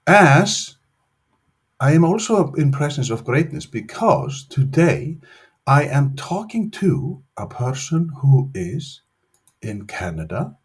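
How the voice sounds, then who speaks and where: Male host, unhurried, hesitant, joking manner. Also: a little high, sing-song, husky. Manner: slow, hesitant, playful. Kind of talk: casual interview chat.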